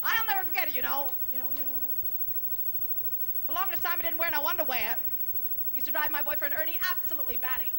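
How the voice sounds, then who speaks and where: Her voice sits high, bright and forceful as this singer-comedian in her forties tells bawdy jokes on a large concert hall stage, quick but with long pauses. The brassy, teasing stand-up comes through poor audio with slight background noise.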